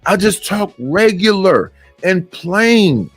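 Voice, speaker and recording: High-voiced, blunt older man ranting. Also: expressive, slow, fairly bright tone, no room sound, faint music behind. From Oakland, California. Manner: blunt, rambling, quotes others in put-on voices. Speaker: streamer. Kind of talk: casual ranting commentary.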